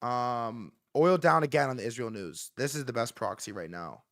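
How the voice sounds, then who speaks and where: A man hosting a live stream, reacting to news in excitable, profane commentary and repeating words in rapid bursts. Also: medium pitch, no room sound, clean studio sound. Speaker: livestream host.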